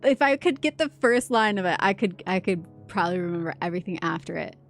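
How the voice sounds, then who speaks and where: A woman's voice: fairly low pitch, lively intonation, fast talker, vocal fry. A woman game streamer chatting casually on a livestream, giggling often and reacting to chat messages.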